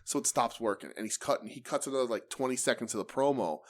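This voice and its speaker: A man co-hosting a casual wrestling podcast, talking in a profane, animated way and mimicking promos. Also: mid-range voice, fast talker. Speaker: podcast co-host.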